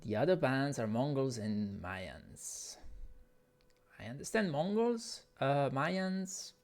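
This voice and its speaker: Speaking over an online voice call from home, a male esports caster gives relaxed, halting commentary on a match, filling his thinking-aloud with lots of fillers. He has a medium-pitched, darkish voice and is very animated, though his pace is slow.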